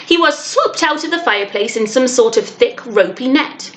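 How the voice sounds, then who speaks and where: A woman teacher reading a children's novel aloud with expressive storytelling. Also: high-pitched, normal speed.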